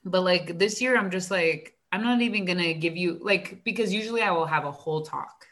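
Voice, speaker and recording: A young woman, a teacher, chatting casually and acting out her students and herself in animated stories. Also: lowish voice, a little fast. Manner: animated storytelling, acts out student dialogue, frequent "like". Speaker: elementary school teacher. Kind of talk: casual chat.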